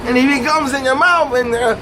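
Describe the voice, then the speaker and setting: A man giving a blunt comic rant to camera, animated and emphatic, sitting in a car. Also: crowd noise, noisy background. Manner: animated, swooping pitch, drawn-out emphatic phrases. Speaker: vlogger.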